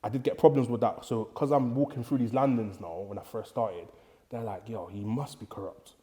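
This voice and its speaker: This podcast guest, a young prison officer from England, has a Bristol accent and a warm, medium-pitched voice that moves a little fast. His casual storytelling is full of street slang, and he acts out whoever he's quoting.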